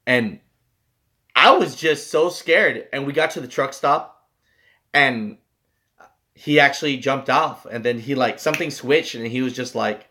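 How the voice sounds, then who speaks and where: A man's voice: mid-range voice, a little slow, pauses often, pushed and bright. A young man, a truck driver, telling a story to his viewers in a loose, rambling way. He swears freely and fills his talk with "like" and "you know.". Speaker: truck driver and channel host.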